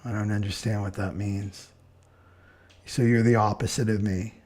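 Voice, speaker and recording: A man who is an astrologer, chatting in a relaxed way on a live stream as he answers viewer comments, often adding "right?" and short laughs. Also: fairly low pitch, moderate pace. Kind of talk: live-stream talk and chart reading.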